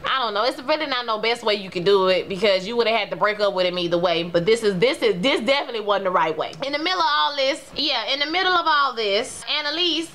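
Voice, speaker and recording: A woman's voice: on the high side, animated, quick pace, few pauses, a bit bright. A woman giving a casual, slangy and blunt recap of a TV episode, talking animatedly with sudden outbursts.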